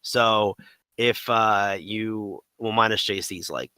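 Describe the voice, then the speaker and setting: A man's voice: lowish voice, steady tone, slow, bright, forceful tone, clean tone, dry recording, poor audio. A man co-hosting a casual gaming podcast, rambling with lots of "like" and "um". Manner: rambling, full of "like" and "um". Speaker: podcast co-host.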